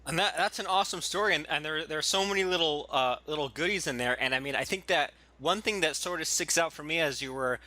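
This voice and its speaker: A man's voice: fairly high pitch, fast talker, hardly any pauses. A man hosting a podcast, chatting casually with his guest and thinking aloud as he reflects on her story. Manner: relaxed, thinks aloud with many restarts and fillers. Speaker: podcast host. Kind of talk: casual interview chat.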